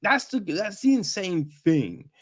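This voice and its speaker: A man hosting a podcast, reviewing a film in casual chat, animated and profane, always asking "right?" and mimicking characters. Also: sits high, slow pace. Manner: peppers talk with "right?" and "you know what I mean?". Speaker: podcast host.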